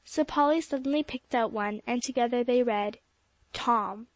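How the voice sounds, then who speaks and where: A woman narrating a children's story in a steady audiobook reading. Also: fairly high pitch, a little fast, no echo. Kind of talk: scripted narration.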